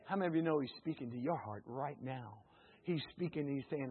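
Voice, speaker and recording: A man preaching a sermon. He swings from soft asides to loud, shouted climaxes, with chuckles along the way. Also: medium pitch, animated, a little fast, slight background noise. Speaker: pastor. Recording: tinny phone-like sound.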